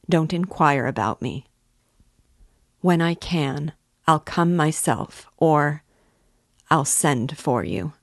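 A woman voicing a brooding, feverish young man who speaks slowly and gravely. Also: low voice, no echo, clean studio sound, exaggerated voice.

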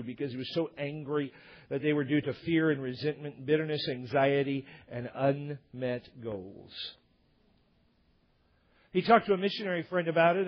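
A man's voice: on the high side, lo-fi sound. A man preaching a sermon, telling a story and acting out the dialogue of the people in it. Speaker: pastor.

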